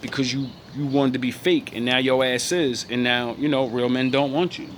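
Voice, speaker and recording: A man's voice: mid-range voice, fairly even intonation, moderate pace, noisy background. Blunt, profane man ranting. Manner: blunt, profane, mocking, laughs between points. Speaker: vlogger. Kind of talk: ranting opinion monologue.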